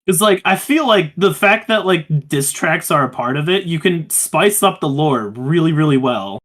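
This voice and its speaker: A man's voice: fairly high pitch, expressive, normal speed, a bit bright. A man with a somewhat raised voice co-hosts a podcast with eager, hype-driven energy. He strings thoughts together with many fillers and restarts. The audio comes through a voice chat call. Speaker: podcast co-host. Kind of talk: casual chat.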